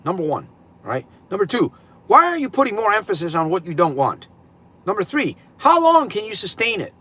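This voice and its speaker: Man, middle-aged, livestream host, lively swinging pitch, bright tense tone, rambling and repetitive. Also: fairly quick. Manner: rambling, emphatic, repeats himself. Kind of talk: casual livestream talk.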